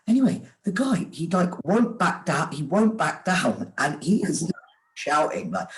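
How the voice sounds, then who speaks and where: Animated man telling stories. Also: a little high, rough recording. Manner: animated, laughing, quick restarts. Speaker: author and sandwich shop owner, guest. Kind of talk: casual storytelling chat.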